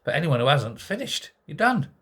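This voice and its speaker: A man's voice: fairly high pitch, big pitch swings, a little fast, fairly bright tone, husky. Sarcastic man ranting about politics. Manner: sarcastic, exasperated, rhetorical questions. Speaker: political commentary host. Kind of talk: ranting monologue.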